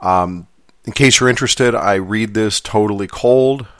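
A man hosting a podcast, talking casually about what he will read, relaxed and self-deprecating. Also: lowish voice, unhurried, dry recording, studio quality. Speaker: podcast host.

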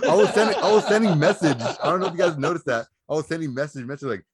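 A man's voice: fairly high pitch, rapid-fire, hardly any pauses, breathy edge, no echo. A man co-hosting a podcast in casual banter, joking and trash-talking with frequent laughs. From Southern California. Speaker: podcast co-host.

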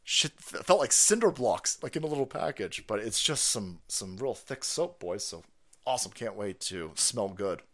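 A man's voice: lowish voice, big pitch swings, moderate pace, fairly bright tone. A man hosting a casual livestream, reading viewer messages and answering them with profanity, laughter and rambling asides. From South Carolina.

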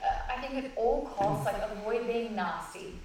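A woman's voice: fairly high pitch, moderate pace, distant mic, noisy background. Chatty woman in an echoey room. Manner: chatty, laughs often, says "like" a lot. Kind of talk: casual chat.

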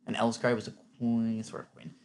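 A man's voice: on the low side, monotone, brisk, a little mellow, slight background noise. A man giving a casual, opinionated spoken recap, chatty and filling his talk with "like". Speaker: TV recap vlogger.

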